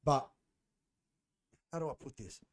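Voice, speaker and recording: A young man, a guest on a podcast, telling animated stories in slangy casual chat. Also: medium pitch, measured pace. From Australia. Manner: animated storytelling, slangy, says bro and man.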